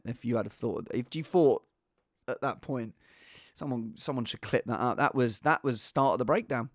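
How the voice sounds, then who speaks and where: A man giving casual, rambling fantasy football advice in an excitable, self-deprecating way. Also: mid-range voice, moderate pace, no echo, clean studio sound.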